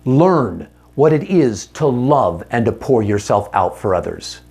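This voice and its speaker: A man's voice: mid-range voice, big pitch swings, measured pace, a little mellow, faint music behind. A man teaching a marriage seminar to other men, talking in an earnest, direct and conversational way, often asking his listeners rhetorical questions and correcting himself mid-sentence. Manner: candid and conversational with self-corrections.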